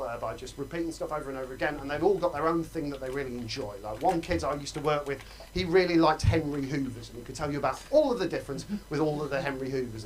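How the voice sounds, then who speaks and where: A man doing a stand-up set in a comedy club, talking conversationally and checking in with the audience. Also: on the high side. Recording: live club with laughing audience.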